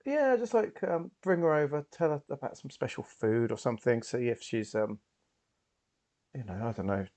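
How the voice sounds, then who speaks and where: A man's voice: medium pitch, moderate pace, a little mellow, dry recording. Rambling man at a tabletop game. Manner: rambling, hedging, many fillers and restarts. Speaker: player. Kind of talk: tabletop role-play table talk.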